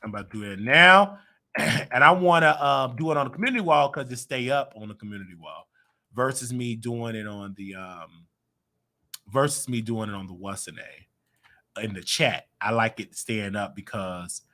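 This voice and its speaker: An American man hosting a livestream commentary show, chatting with viewers and clearing his throat often. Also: mid-range voice, normal speed, sharp tone. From United States. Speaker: show host. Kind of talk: livestream commentary talking to the chat.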